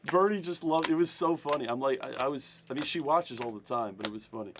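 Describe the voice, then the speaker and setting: A man hosting a live-streamed card break, excitable and talking over the others, repeating himself. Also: medium pitch, fairly quick, hardly any pauses, slight background noise.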